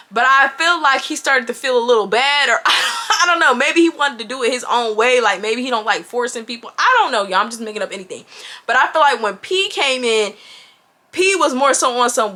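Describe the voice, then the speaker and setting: A woman in her twenties telling a story to camera in a casual vlog. Her delivery is animated, slangy and expressive. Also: sits high, fairly quick. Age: 20s. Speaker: vlogger.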